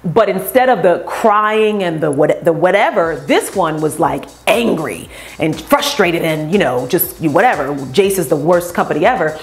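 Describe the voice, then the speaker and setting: A woman who owns a beauty company tells customer stories in an animated way and acts out the voices of the people in them. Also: on the low side, moderate pace, soft background music. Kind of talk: storytelling vlog.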